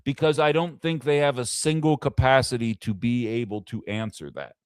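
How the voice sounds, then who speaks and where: A man hosts a live political commentary stream and argues with conviction, piling up pointed rhetorical questions. His voice is smooth and crisp. The sound is dry and close to the mic, with little room around it. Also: medium pitch, normal speed, dry recording. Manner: impassioned, fires off rhetorical questions. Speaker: host of a political commentary show.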